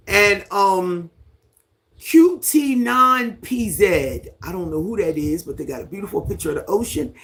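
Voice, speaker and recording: A livestream host who has lived on a Caribbean island for ten years, chatting casually with viewers at home and reading out their comments in an unhurried way. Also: mid-range voice. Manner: relaxed, unhurried, greets and reads out viewer comments. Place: at home, indoors, near a fan.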